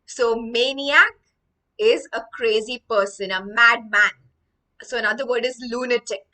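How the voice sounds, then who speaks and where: Woman from India, english teacher, explains and repeats words, bright sharp tone, a bit far from the mic. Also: a little high, measured pace. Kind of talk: online vocabulary lesson with storytelling.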